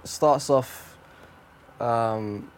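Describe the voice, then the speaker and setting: A man's voice: medium pitch, extremely slow. A man co-hosting a podcast, laid-back and explaining things with loose analogies. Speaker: podcast co-host. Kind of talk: casual chat.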